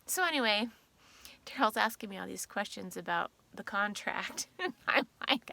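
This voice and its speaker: A woman's voice: mid-range voice, lively intonation, normal speed, gravelly, sharp tone. A woman vlogger in casual, chatty talk to her viewers, giggling through her stories. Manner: chatty, drawling, giggly asides. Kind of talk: casual chat.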